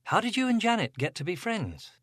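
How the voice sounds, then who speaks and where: A man voicing a polite young woman police detective who asks brisk, courteous questions. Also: medium pitch, very animated, husky, dry recording, studio quality, pitched above the performer's own voice.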